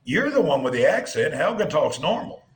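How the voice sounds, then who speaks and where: A man's voice: a little high, sing-song, moderate pace, over a noisy crowd. A man hosting a casual live stream, joking and teasing his guests.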